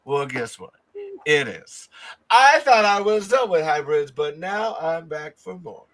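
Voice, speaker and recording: A man hosting a casual livestream chat, excitable and laughing, swearing freely. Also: on the high side, normal speed, background noise.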